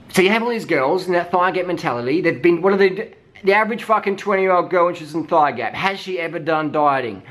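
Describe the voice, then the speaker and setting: A man's voice: a little high, fairly bright tone. Ranting man, swearing hard. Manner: heated, heavy swearing, mocking put-on voices. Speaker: vlogger. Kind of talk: profane rant.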